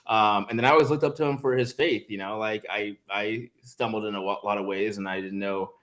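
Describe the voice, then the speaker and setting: A man's voice: on the low side, fairly even intonation, brisk, a bit bright. A man telling a family story in casual conversation among his brothers, laughing through the punchlines. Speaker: podcast co-host, one of the brothers.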